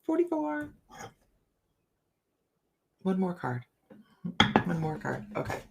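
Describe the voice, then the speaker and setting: On her laid-back live chat, a middle-aged woman reads tarot cards and talks to viewers by name, laughing often. Her voice is low and animated, though her pace stays measured.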